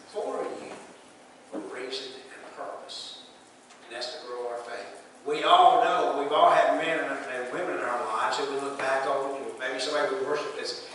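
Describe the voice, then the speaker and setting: This man is a pastor preaching in a church sanctuary, his mid-range voice bright and forceful as he speaks plainly and puts questions to the congregation. Captured from afar in an echoey hall, the clip has slight background noise.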